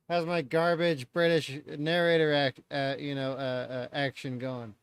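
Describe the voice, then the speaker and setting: A man's voice: on the high side, level tone, unhurried, few pauses, clean tone. A man hosting a live stream, reacting in loose, chatty talk and swearing freely.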